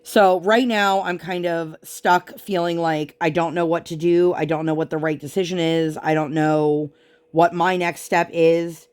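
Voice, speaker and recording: A woman's voice: fairly low pitch, steady tone, unhurried, a little mellow, clear, resonant tone. A woman vlogger chatting casually while she crafts, venting her frustration as she retells an argument.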